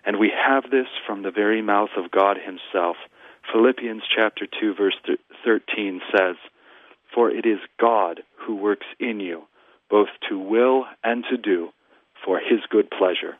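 Low-voiced guy preaching over a tinny phone line, slow and earnest, quoting scripture. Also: no room sound. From United States. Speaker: guest pastor. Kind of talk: radio sermon-style teaching.

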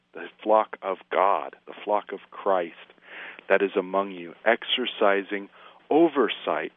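A man talking earnestly through scripture in conversation, slowing down when he quotes it. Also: sits low. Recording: dry tinny phone-like audio.

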